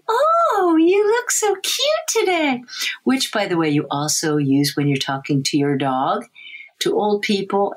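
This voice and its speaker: A middle-aged woman researcher explains how babies learn language, her low-set voice slightly husky. She speaks slowly and lets her pitch swing widely, animated and expressive. In her examples she slips into a high sing-song voice. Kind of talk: interview answers.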